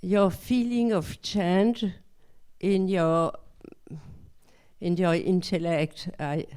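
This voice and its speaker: A woman with a French accent politely asking a question from the audience, halting and searching for words. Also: lowish voice, fairly even intonation, warm tone, smooth. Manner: halting and polite, with long pauses.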